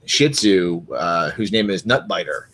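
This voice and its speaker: A man's voice: low voice, expressive, unhurried, fairly bright tone. A man co-hosting a tabletop gaming podcast, rambling and teasing in casual chat. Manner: rambling, teasing, with frequent restarts. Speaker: podcast co-host and convention game master.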